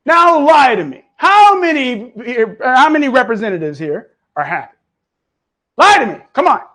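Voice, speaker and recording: A man with a very high voice coaches his audience live, mocking and swearing freely. His pitch swings widely from line to line, and his delivery is animated and preachy. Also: normal speed. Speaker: host.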